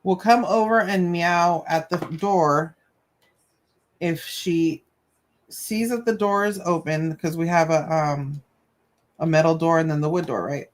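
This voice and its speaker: A chatty woman hosting a casual live stream, her voice sitting a little low. She tells rambling stories with mild cussing and quick Spanish asides, while her hands are busy with a craft. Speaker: channel host.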